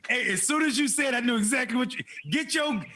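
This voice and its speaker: A man's voice: very high voice, fast talker, bright, forceful tone, slight background noise. A man co-hosting a live show, teasing the caller with laughing, slangy banter. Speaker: co-host. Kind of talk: casual live-stream chat.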